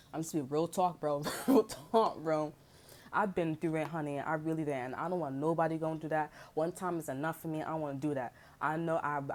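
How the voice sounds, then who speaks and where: A woman's voice: low-pitched, a little mellow. Blunt, profane woman talking street slang. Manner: frequent throat clearing. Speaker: tarot reader. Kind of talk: casual unscripted tarot reading monologue.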